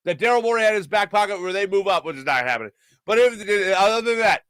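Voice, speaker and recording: A man hosting a sports talk show, delivering an opinionated solo monologue with emphatic swings in pitch. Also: animated, fast, a bit bright, no echo.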